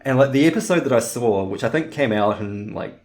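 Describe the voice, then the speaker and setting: A man's voice: medium pitch, expressive, a little fast, darkish tone. A young man co-hosting a podcast, chatting loosely, laughing often and trailing off mid-thought. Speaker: podcast co-host. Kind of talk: rambling casual chat.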